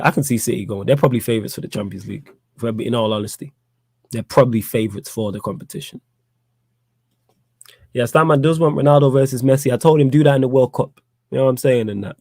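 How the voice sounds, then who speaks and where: Animated football podcaster, dry sound. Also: male voice, no room sound. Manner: animated, teasing, swings up to loud high challenges. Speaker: podcast host. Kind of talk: casual live-stream football chat.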